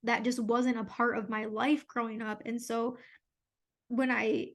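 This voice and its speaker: Frank woman podcast host, slightly high. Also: little pitch movement, unhurried. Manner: frank and open, peppered with "like" and "you know". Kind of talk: candid solo podcast talk.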